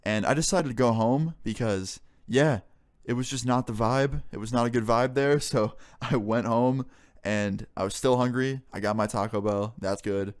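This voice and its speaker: A man's voice: mid-range voice, moderate pace. A young man telling a story in a casual storytime vlog, exasperated and swearing freely as he goes. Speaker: vlogger.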